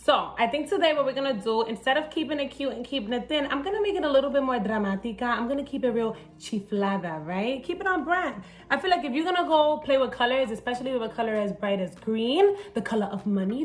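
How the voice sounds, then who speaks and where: A woman comedian giving a casual makeup tutorial, playful and joking, swearing freely and slipping into Spanish phrases. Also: on the high side. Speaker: comedian and TV host.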